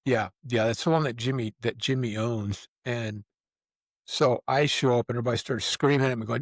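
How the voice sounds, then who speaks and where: An older man hosts a relaxed conversation and spins loose, rambling anecdotes with colorful language. His voice sits in an ordinary middle pitch. It is recorded close, with a dry sound and no room echo. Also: fairly quick. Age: 50s or older. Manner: rambling, swearing, restarts and acts out quotes. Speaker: podcast host. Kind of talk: casual storytelling chat.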